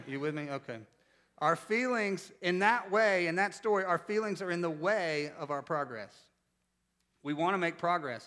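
A man in his forties from North Carolina preaching a sermon as pastor, telling stories conversationally and asking the congregation questions. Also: fairly high pitch. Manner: conversational storytelling, animated, asks the congregation questions.

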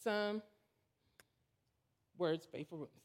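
A woman's voice: lowish voice, very slow. A woman preacher giving a sermon in a candid, storytelling way, building to emphatic points. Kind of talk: conversational sermon.

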